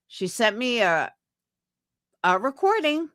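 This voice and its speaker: Her voice is on the high side, pushed, bright, and clean, very animated but slow-paced, captured dry at studio quality. During a casual live chat stream she reads comments and vents indignantly with plenty of profanity, imitating others in put-on voices.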